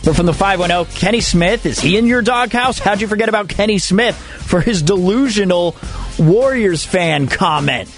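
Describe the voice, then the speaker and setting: A man's voice: high-pitched, expressive, moderate pace, soft background music. A man hosting a sports radio show, talking through listener comments in a chatty, rambling way with frequent restarts. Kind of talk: sports talk show monologue.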